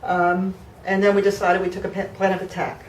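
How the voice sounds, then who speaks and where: A woman's voice: mid-range voice, completely flat delivery, brisk, roomy sound, far from the mic, a little hiss or hum, poor audio. A woman of fifty from New Jersey giving an emotional patient testimonial, heartfelt and close to tears, with fillers and restarts. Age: 50s.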